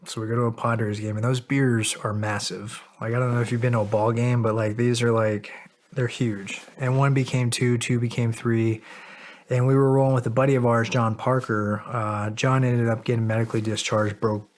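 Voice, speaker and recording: Middle-aged male guest, casual storyteller, mid-pitched voice, cursing and laughing at himself. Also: moderate pace, a little hiss or hum. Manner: animated, profane, laughs at himself. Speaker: podcast guest.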